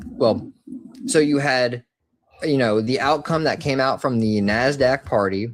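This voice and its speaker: A man arguing politics in a casual voice chat, rambling and pushing back. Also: mid-range voice. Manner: rambling, argumentative. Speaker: chat participant.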